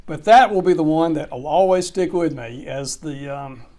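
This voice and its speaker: A man's voice: on the high side, moderate pace. A middle-aged man, a closing attorney telling an anecdote in an interview and acting out the dialogue. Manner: animated anecdote teller, acts out quoted dialogue. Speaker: real estate closing attorney. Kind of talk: storytelling in an interview.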